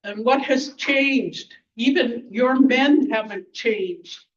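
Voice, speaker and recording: A woman's voice: a little high, distant mic, highs cut off. Blunt, angry woman speaking from afar. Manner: halting, searching for words. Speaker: speaker at a community event. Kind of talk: impromptu public speech. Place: community event hall.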